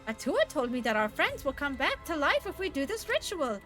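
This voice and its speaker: A woman's voice: high-pitched, fairly quick, pitched above the performer's own voice. A woman voicing a cheerful, serene girl who preaches for her god, reading game dialogue aloud on stream. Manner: sunny, sing-song, eerily calm. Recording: music playing behind.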